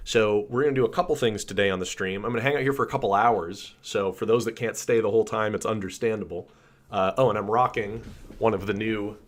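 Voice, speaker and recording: A man hosting a casual live stream, chatting and greeting viewers by name, his voice a little rough. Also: fairly low pitch. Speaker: channel host.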